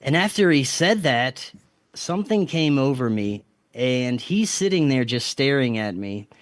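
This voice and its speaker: A man's voice: mid-range voice, animated, a little slow, no echo. A man, a podcast guest, earnestly retelling a strange experience with restarts and quoted self-talk. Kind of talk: storytelling in casual interview.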